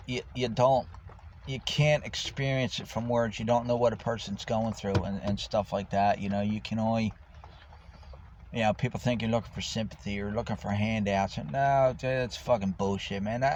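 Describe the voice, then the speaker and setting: A man's voice: lowish voice, a little mellow. A man who is homeless, talking casually to the camera in a rambling, profane way about his life. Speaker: homeless vlogger. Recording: dull lo-fi with faint noise.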